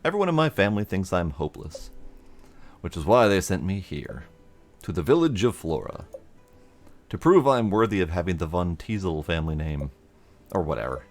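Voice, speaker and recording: A sulky, sarcastic young witch, read aloud in a man's own deep voice. The delivery is dry but moves widely up and down in pitch. Quiet game music sits behind the voice. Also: big pitch swings, normal speed, pauses often. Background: faint game music.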